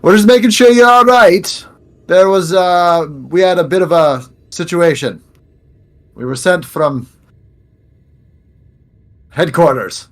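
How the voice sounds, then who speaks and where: A man voicing his game character, calling loudly through a locked door with a raised voice. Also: lively intonation, very slow, creaky, long pauses, full character voice. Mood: loud bluffing. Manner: loud, raised pitch, shouting through a door.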